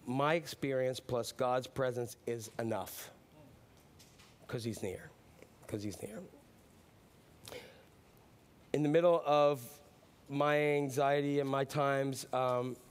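A man pastor giving a sermon in a casual, chatty way with frequent ums, swinging between loud preaching and soft, hushed asides. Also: medium pitch, fairly even intonation, slow pace, long pauses, clear, resonant tone.

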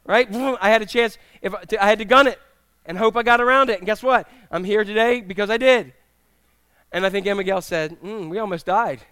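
Middle-aged man, pastor, humorous sermon, high voice, smooth and dry. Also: a little fast, no echo. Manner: humorous, storytelling, animated delivery with acted quotes. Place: church sanctuary with congregation.

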